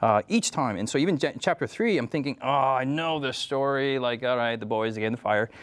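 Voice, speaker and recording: Male editor co-host, reflective, halting delivery with plenty of fillers. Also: medium pitch, a bit bright. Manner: thoughtful, halting with frequent fillers and restarts. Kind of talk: casual religious discussion.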